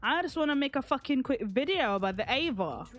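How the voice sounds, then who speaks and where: A young woman giving casual, excitable commentary over her own gameplay as a gaming streamer, swearing freely and humming between sentences. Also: sits high, brisk.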